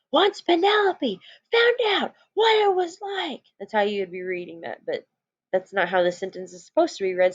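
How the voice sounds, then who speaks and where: A woman's voice: on the low side, highs cut off. A woman teacher giving a recorded lesson to young children, explaining patiently.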